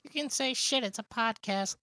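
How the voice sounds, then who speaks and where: A woman voicing a small blunt mushroom man attendant, deadpan, in an improvised podcast parody. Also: on the high side, moderate pace, no room sound, clean studio sound.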